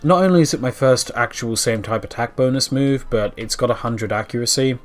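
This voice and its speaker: Young man for casual game commentary, dry-mouthed and chatty, mid-pitched, light music bed. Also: fairly quick. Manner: chatty, self-deprecating, talks to the game. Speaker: let's-play host.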